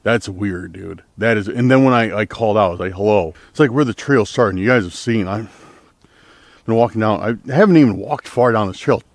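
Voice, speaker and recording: A man with a fairly low voice talks to his camera outdoors on a night trail, rambling and uneasy, leaning on filler words. The sound is dry and close, with almost no room around it. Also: fairly quick, no echo. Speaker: outdoor vlogger exploring trails. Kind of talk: casual vlogging to camera.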